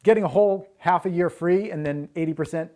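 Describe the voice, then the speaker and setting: Laid-back homesteader guy, bit higher voice, explains stuff slow with lots of "you know". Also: warm tone. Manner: easygoing, explanatory, many fillers. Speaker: guest homesteader. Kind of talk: casual interview chat.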